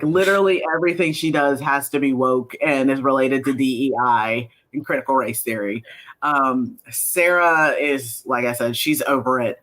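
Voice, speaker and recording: Bright-voiced chatty man. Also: mid-range voice, rough recording. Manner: chatty, lots of ums, acts out quotes. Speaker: indie animation creator. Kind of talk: casual interview chat.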